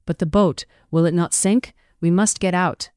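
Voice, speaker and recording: A narrator voicing a frightened, tender young wife in an audiobook, speaking higher and pleading. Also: unhurried, a little mellow, no room sound, studio quality, natural voice. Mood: anxious. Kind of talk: audiobook character voice.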